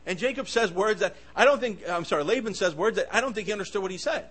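A man preaching a sermon with passion, swinging between loud bursts and soft asides, often stammering and restarting his words. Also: high voice, animated, fast talker, slightly rough, poor audio.

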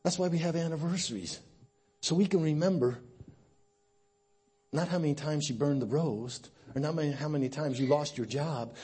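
Male preacher, husky voice, lively slightly high pitch, conversational sermon that drops quiet then builds to emphasis. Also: moderate pace, pauses often. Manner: conversational, swings between hushed and emphatic. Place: church.

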